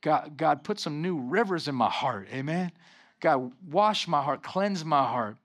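A man's voice: fairly high pitch, expressive, unhurried. A pastor preaching a sermon, emphatic and calling out to his congregation for responses.

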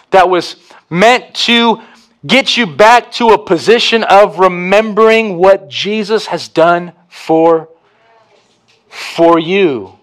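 A pastor preaching a communion sermon, swinging from hushed to emphatic. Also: male voice, sits high, lively intonation, slow pace.

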